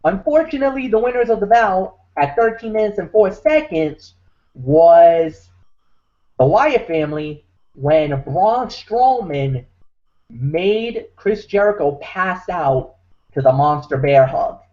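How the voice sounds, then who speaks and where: A man's voice: high-pitched, expressive, takes it slowly. A man hosting a wrestling recap show, talking with emphatic, preacher-like force. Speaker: podcast host. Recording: muffled lo-fi audio.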